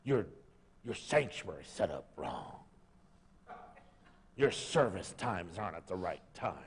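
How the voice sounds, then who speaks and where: A man's voice: low-pitched, very animated, slow, slight background noise, pitched below the performer's own voice, exaggerated voice. A pastor putting on the mocking voice of a nagging male critic who belittles him, heard in a long-echoing hall.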